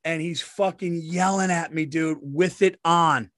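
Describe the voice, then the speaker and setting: A man's voice: fairly high pitch, steady tone, measured pace, fairly bright tone, no room sound, studio quality. Foul-mouthed man in his forties. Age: 40s. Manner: profane, rambling storyteller. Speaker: comedian co-host. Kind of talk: casual podcast chat.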